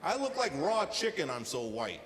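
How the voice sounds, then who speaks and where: A man performing a stand-up comedy set with deadpan storytelling and acted-out quotes, on a casino showroom stage. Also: a little high, moderate pace, slight background noise. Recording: live hall reverb with faint ambience.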